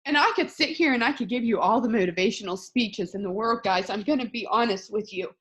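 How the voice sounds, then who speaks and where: A woman's voice: on the high side, a little fast, fairly bright tone, breathy edge. A woman, probably in her thirties, giving a blunt, emotional motivational talk over a video call, crying as she swears and pleads with her listeners. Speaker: motivational speaker.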